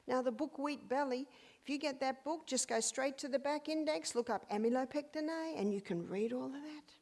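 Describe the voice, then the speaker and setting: An older woman giving a health lecture, asking emphatic rhetorical questions. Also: fairly quick. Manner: emphatic, rhetorical questions, lively pitch swings.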